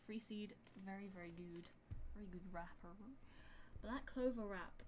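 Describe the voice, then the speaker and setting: A woman's voice: mid-range voice, moderate pace. A woman streaming her music production live, chatting casually and thinking aloud with a self-deprecating manner. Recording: music playing loudly behind. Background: electronic beat and synths.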